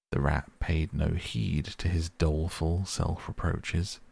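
A man narrating a classic children's story in a measured, expressive audiobook reading. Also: low-pitched, vocal fry, breathy edge, dry recording.

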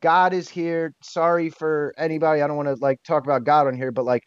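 This podcast guest, a man in his thirties, has a fairly high, steady voice and a quick pace. His personal story comes out candid, emotional and blunt, peppered with casual swearing and frequent restarts. The recording sounds dull, dry and lo-fi.

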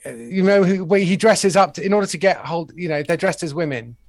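A man's voice: high-pitched, lively intonation, a little fast, no room sound, clean studio sound. Wry, chatty man in his forties. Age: 40s. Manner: wry, self-deprecating, chatty. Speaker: podcast guest, comedy writer. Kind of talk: casual chat.

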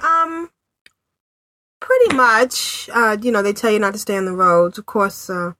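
A woman's voice: mid-range voice, animated, a little slow, bright, forceful tone, a little hiss or hum. A woman hosting a podcast, chatting casually with many fillers and frequent laughs. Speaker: podcast host. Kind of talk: casual chat. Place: home in New England city.

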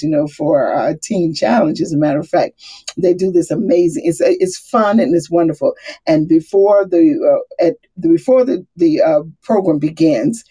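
A woman's voice: on the low side, warm tone, breathy edge. A middle-aged woman giving a casual faith talk, laughing often and acting out the voices she quotes. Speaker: Bible study speaker.

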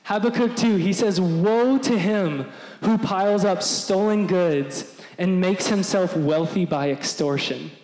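A man preaching a sermon as pastor, animated and acting out the voices of crowds. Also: high-pitched, a little slow. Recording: echoey hall with long reverb.

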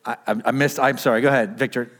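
A man's voice: mid-range voice, steady tone, fast talker, fairly bright tone. A man in a pastor's role preaching a sermon in a conversational way, asking the congregation questions and answering them himself, with his voice muffled by a mask. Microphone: wearing a mask.

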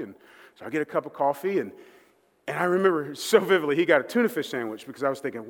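A man's voice: fairly high pitch, expressive, fast, a bit bright. A male pastor preaching a sermon, telling a story in a conversational way and acting out the voices of the people he quotes. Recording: long reverb of a large hall.

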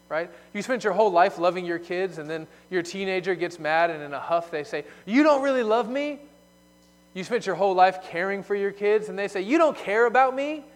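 A male pastor delivers an expository sermon in a fairly high voice. He swings from forceful emphasis to hushed, quiet asides. The sound carries a long reverb, as in a large hall. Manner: explanatory preaching, shifting from loud emphasis to hushed asides.

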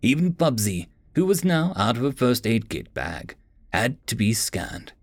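A man's voice: mid-range voice, very animated, a little slow, no room sound. A man narrating a story as an audiobook reader, lifting his voice a little for the characters' lines.

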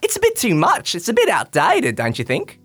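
A man's voice: sits high, huge pitch swings, moderate pace, a bit bright, soft background music, full character voice. A man playing a laid-back young male knight in a comedy sketch, with an Australian accent and a bumbling, easygoing way of talking.

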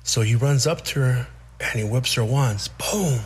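A man's voice: mid-range voice, measured pace, slightly rough. A man in his forties, hosting a podcast, tells his childhood story unscripted, swearing a lot and restarting his sentences. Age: 40s. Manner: profane, rambling, frequent restarts. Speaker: podcast host.

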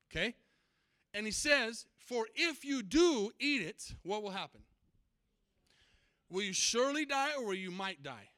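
A man's voice: high-pitched, sharp tone, dry recording. A man preaching a sermon as pastor, emphatic and often asking his congregation questions.

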